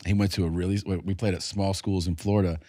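Low-voiced man telling a story. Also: little pitch movement, fast, mellow, no echo. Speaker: podcast co-host. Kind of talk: casual chat.

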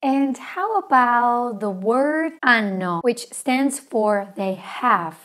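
A woman teaching a language lesson in scripted narration, slowly spelling out letters and words with care. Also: a little high, lively intonation, a bit bright. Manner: slow, careful spelling out of letters.

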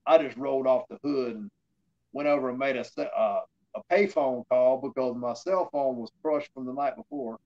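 A man's voice: medium pitch, normal speed, darkish tone, lo-fi sound. A man, a former wrestler telling long rambling stories in an interview, acting out what people said to him. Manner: rambling anecdotes with fillers, acting out quoted dialogue. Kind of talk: casual storytelling in an interview.

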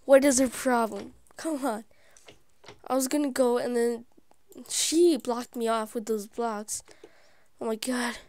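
A woman hosting her gaming channel, giving live gameplay commentary; excitable and easily frustrated, she often drops into whispered asides. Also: on the high side, slow pace. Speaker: YouTube gaming channel host.

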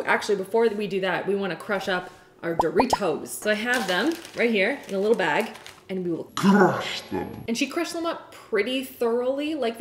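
A young woman chatting casually through a cooking vlog in her home kitchen, bubbly and giggly. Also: fairly high pitch. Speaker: cooking vlogger. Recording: echoey kitchen room.

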